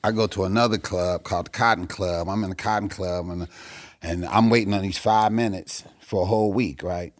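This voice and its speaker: A man guesting on a podcast as a comedian, telling stories in an animated, profane way and acting out the people in them. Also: low-pitched, fairly quick, no room sound. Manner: animated, profane, acts out the characters in his stories. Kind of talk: storytelling in a podcast chat.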